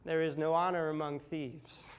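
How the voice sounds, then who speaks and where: A middle-aged man telling a candid personal story, dramatic and confessional, dropping to a hush at tense moments. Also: on the high side, level tone, measured pace, clean tone. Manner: candid, dramatic retelling with acted quotes and swings from loud to hushed. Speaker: speaker sharing a personal recovery story.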